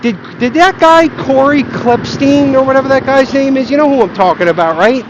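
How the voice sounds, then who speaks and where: A man's voice: very high voice, fairly quick, background noise. A young man who is stoned, ranting heatedly and swearing as he rambles on a walk outdoors. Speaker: vlogger ranting about markets. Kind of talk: rambling profane rant while walking. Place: outdoors, walking on grass. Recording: dull lo-fi outdoor recording.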